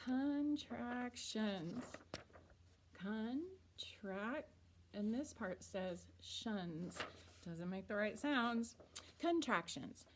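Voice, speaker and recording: Woman teacher, kids' reading lesson, unhurried and clear, slightly high voice. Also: slight background noise. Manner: slow, patient, deliberately sounds words out. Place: school or classroom.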